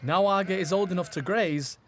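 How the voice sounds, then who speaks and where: A man in his thirties with an Oldham accent, reading scripted documentary narration in a measured storytelling way. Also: high voice, a bit bright, slight background noise. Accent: Oldham, northern English. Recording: voice-over with music bed. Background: background music.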